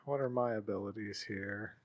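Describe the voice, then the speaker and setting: A man's voice: on the low side, normal speed, dry recording, dull audio. A man playing a tabletop game, blunt and sarcastic. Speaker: player.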